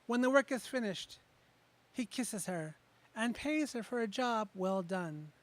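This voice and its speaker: A man reading his own poems at an open mic. He introduces each piece in a chatty way, then reads slowly and with emphasis. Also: sits high, expressive. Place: open mic venue, live before a small audience.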